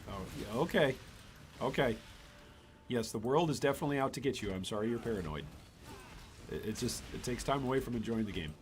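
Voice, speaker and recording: A man's voice: medium pitch, animated, a little fast, long pauses, slight background noise. A man hosting a gaming channel, giving casual gameplay commentary with rambling, exasperated asides.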